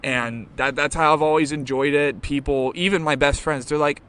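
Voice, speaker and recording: A man's voice: a little high, fairly even intonation, moderate pace, fairly bright tone, smooth. A young man hosting a live podcast interview, talking in a rambling, casual way with lots of fillers and swearing. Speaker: podcast host.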